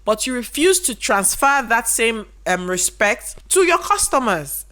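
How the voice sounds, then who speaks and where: A woman's voice: on the high side, bright, forceful tone. Woman teaching with rhetorical questions. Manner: conversational, explains with rhetorical questions; repeats key points for emphasis. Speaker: business educator. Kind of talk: casual instructional talk to camera.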